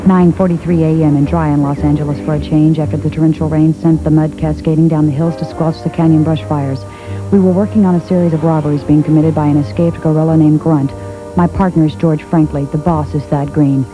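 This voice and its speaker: A man narrating as a detective in a deadpan, clipped, matter-of-fact style. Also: on the high side, brisk, over music, low-quality recording.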